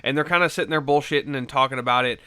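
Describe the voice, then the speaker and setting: A man's voice: mid-range voice, very fast, sharp tone, clean tone, no echo. A man giving a casual film review, rambling through the plot with lots of fillers and swearing. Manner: loose rambling retelling full of fillers and swearing.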